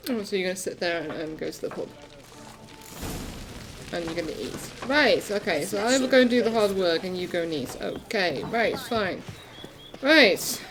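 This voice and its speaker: A woman's voice: lowish voice, animated, normal speed. A woman chatting casually and cheekily while playing a video game. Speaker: gameplay streamer. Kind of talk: casual let's play commentary. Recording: game audio with loud music behind.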